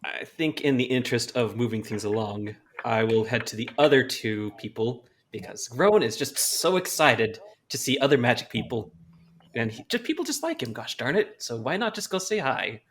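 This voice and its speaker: A man role-playing his character at a tabletop game, friendly and eager to chat. His voice swings up and down a lot, lively and expressive, as he talks at a steady pace. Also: medium pitch, normal speed. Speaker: player.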